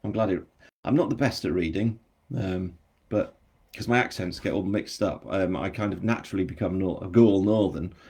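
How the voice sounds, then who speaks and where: His voice sits low with a darkish tone and a breathy edge, at a moderate pace, in a general English accent. This Englishman, an author running his book launch via live stream, responds to viewer comments in a casual, rambling, self-deprecating manner.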